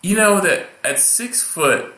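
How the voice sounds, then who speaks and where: A man's voice: high voice, lively intonation, slow, bright, forceful tone. A man telling a long story in casual chat, rambling with many fillers and restarts. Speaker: guest. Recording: echoey room.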